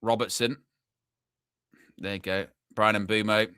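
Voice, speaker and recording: A young man hosting a live football watchalong, chatty and excitable, shouting when his team scores. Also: lowish voice, slow, clean tone, no echo, studio quality. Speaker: fan watchalong host.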